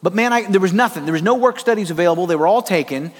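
A preacher from South Dakota telling a personal story in a sermon, animated and humorous. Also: male voice, high-pitched, very fast, slightly rough. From South Dakota, USA. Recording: long reverb of a large hall.

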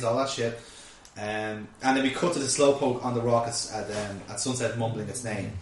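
A man's voice: medium pitch, steady tone, brisk, distant mic. Man, podcast host, casual rambling chat, echoey room, faint background hum. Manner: rambling, many fillers and restarts. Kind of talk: casual chat recapping an episode. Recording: echoey room, set back from mic.

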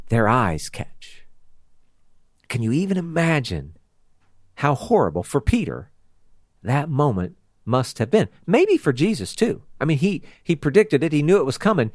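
A man leads a relaxed Bible study with an animated, chatty delivery. His pitch swings widely as he talks, and he breaks into laughter now and then. The sound is dry and close. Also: no room sound. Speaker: Bible teacher. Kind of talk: casual Bible study talk.

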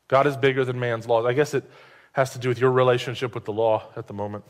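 A male pastor giving a sermon in a conversational, joking way, with quick asides to the congregation. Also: medium pitch, flat delivery. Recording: long hall reverb.

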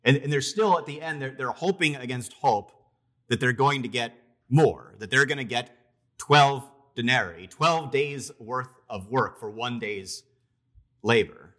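A man preaching a sermon, retelling a parable in a conversational, storytelling way, with emphatic pauses and restarts. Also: medium pitch, a bit bright. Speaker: pastor.

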